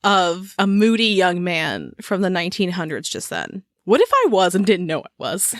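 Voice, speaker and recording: A woman's voice: on the low side, sing-song, normal speed, a bit bright, no echo, studio quality. Playful, giggly woman podcaster. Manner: playful, giggly, slips into silly voices. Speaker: podcast co-host. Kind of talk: casual chat.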